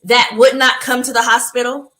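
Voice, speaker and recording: Bright, expressive woman podcast co-host. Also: on the high side, normal speed, rough recording. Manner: expressive, emphatic storytelling. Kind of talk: casual chat.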